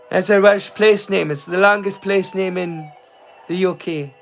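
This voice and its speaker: Man, Doric Scottish accent, playful rambling stream chat, high-pitched voice. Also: steady tone, a little slow, vocal fry, faint music behind. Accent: Northeast Scottish (Doric). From Scotland. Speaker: livestream host. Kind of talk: casual livestream chat.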